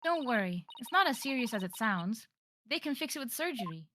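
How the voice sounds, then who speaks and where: A woman voicing a young female whale trainer who breaks into booming pirate talk, in a fan voice-acted game. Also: big pitch swings, brisk, background noise. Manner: booming pirate-talk bursts between plain explanations.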